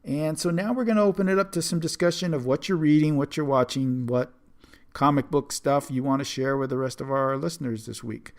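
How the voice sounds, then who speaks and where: A man's voice: on the high side, a little fast. Teasing podcast host, easygoing man. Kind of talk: casual chat.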